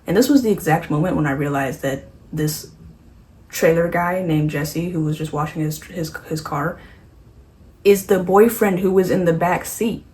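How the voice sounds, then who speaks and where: A woman hosting a casual horror movie recap, sarcastic and offhand, full of quick asides. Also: fairly low pitch, darkish tone, poor audio.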